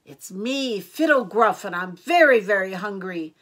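An older woman doing the great big billy goat brother from a storybook, calling out loud and bold. The voice stays close to her own, slow and deliberate. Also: medium pitch, animated.

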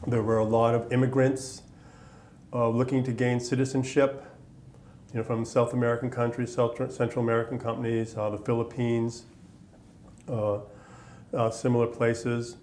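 Man, 50s, from Massachusetts, oral history interview, chatty and rambling, mid-pitched, slight hiss. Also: level tone, moderate pace, long pauses, a little mellow. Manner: conversational, rambling with many fillers. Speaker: veteran interviewee.

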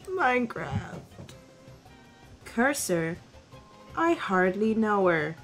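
A young woman giving casual, joking commentary while playing a video game, sarcastic and quick to laugh and cry out. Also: medium pitch, faint music behind. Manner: playful, sarcastic, laughs often, loud outbursts. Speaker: gamer.

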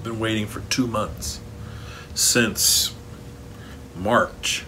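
A man's voice: lowish voice, extremely slow, sharp tone, slight background noise. A man preaching a sermon as pastor, earnest and rising to emphatic stresses, recorded for an online church service.

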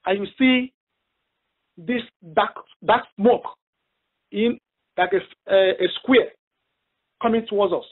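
Male preacher, very high and husky, halting and emphatic, phone-line audio. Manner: halting, repeats himself, emphatic retelling. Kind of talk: sermon over a phone prayer line.

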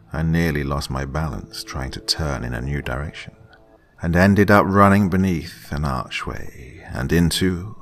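Super deep slow guy reading a creepy story, goes all whispery sometimes. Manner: dramatic, dropping to hushed whispers. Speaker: horror story narrator. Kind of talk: scripted horror narration.

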